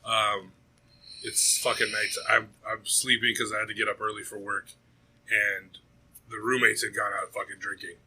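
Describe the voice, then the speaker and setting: A young adult man co-hosting a podcast, telling a story in a rambling, profane and animated way. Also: lowish voice, normal speed, breathy edge, poor audio. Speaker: podcast co-host. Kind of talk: casual storytelling chat.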